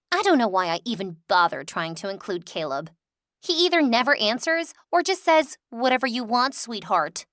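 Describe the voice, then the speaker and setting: A woman reading a first-person romance audiobook with expressive, wry storytelling. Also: mid-range voice, no room sound, clean studio sound. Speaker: audiobook narrator.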